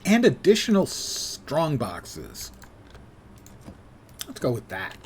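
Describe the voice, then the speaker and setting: A man's voice: fairly high pitch, wildly swooping pitch, slow pace, a little hiss or hum. Older man chatting while gaming. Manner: dry, self-mocking asides. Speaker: streamer. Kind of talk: casual live gameplay chat.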